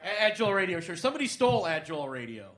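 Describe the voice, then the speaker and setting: A man's voice: high-pitched, big pitch swings, fast talker, a bit bright. A man hosting a live comedy podcast, introducing comics in a loose, chatty way. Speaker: podcast host and emcee.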